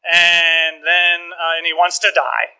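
A man preaching a sermon, telling stories with lively acted-out dialogue and frequent chuckles. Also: fairly high pitch, slow pace, clear, resonant tone, poor audio. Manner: animated storytelling, acts out dialogue, chuckles often. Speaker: pastor.

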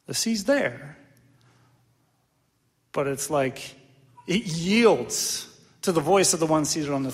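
A man preaching a sermon, animated and questioning, often checking in with the congregation with "right?". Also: high voice, long reverb tail. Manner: animated, asks the audience questions, frequent "right?". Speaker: pastor.

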